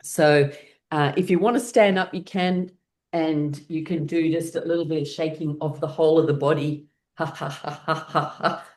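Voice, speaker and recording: A woman with a fairly low voice leads a guided laughter class. She talks listeners through each step in an encouraging way and breaks into playful laughs between instructions. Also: steady tone, normal speed, darkish tone.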